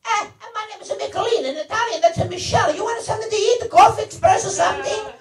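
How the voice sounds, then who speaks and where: Man doing a shrill old Italian grandma. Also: moderate pace. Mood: suspicious, then doting. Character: old Italian grandmother, cold then sweet. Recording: roomy, far from the mic, audience laughter.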